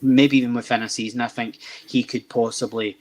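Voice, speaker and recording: Hosting a laid-back football chat show, a young Scotsman rambles and repeats words whenever he starts a thought. His delivery is brisk and flat, at a medium pitch.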